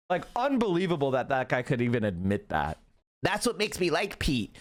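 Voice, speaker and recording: A fired-up man in his thirties rants through political commentary on his stream, swearing freely. His voice sits fairly high and swings widely in pitch as he gets heated. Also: very animated, moderate pace. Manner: heated, ranting, profane. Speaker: streamer host.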